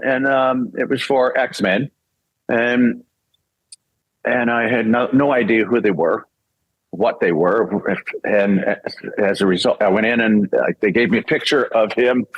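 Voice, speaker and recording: An older Canadian man, a voice actor and singer, speaks at medium pitch on a dry, rough recording. He tells a casual story, acting out the voices of the people he quotes and laughing often.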